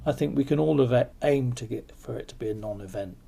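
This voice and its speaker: A man's voice: mid-range voice, fast, creaky, dark tone, husky. A man hosting a podcast, chatting casually in an encouraging way and laughing often. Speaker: podcast host. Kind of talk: casual chat.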